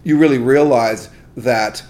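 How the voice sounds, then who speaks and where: A man's voice: mid-range voice, a little slow, darkish tone. A man hosting a podcast, chatting casually and rambling, often restarting sentences and losing his train of thought. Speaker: podcast host. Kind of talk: casual chat.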